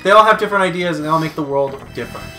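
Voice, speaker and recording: A man's voice: a little high, animated, very fast. Blunt, foul-mouthed male co-host. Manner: blunt and heavily profane. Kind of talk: casual chat. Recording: loud background music.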